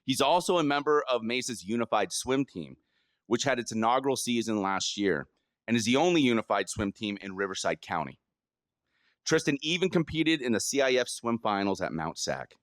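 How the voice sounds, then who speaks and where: A man's voice: medium pitch, lively intonation, moderate pace, dry recording, clean studio sound. A man giving a heartfelt, prepared award speech about a student from a podium. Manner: heartfelt, earnest, reading from notes. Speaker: school staff presenting a student award. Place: event podium.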